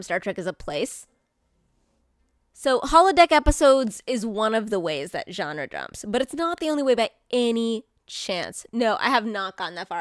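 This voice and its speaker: A woman streamer chatting casually and excitedly, rambling, swearing now and then and answering chat, while hiccuping. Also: medium pitch, clean tone, no room sound, studio quality.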